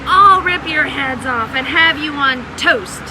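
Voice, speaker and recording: A bullying giant soldier taunts in a slow, loud bellow, pitched up high as a woman puts him on. There is a steady hiss of noise behind the voice.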